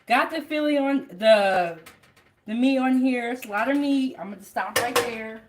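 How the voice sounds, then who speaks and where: A woman's voice: fairly high pitch, moderate pace, slight background noise. A woman hosting a live home cooking show, chatting casually to her viewers from her kitchen. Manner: chatty, talks straight to viewers.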